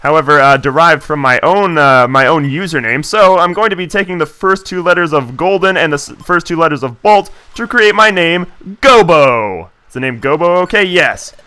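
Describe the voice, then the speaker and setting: A man's voice: fairly high pitch, expressive, normal speed, few pauses, sharp tone, smooth. Wry, joking man playing a game. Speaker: let's play host. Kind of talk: casual game commentary.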